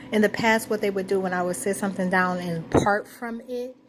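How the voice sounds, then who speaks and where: A woman's voice: medium pitch, fairly even intonation, fairly quick, noisy background. A woman talking to her camera in a rambling personal monologue, musing and correcting herself as she recalls things. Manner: musing, self-correcting, recounting memories. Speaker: vlogger.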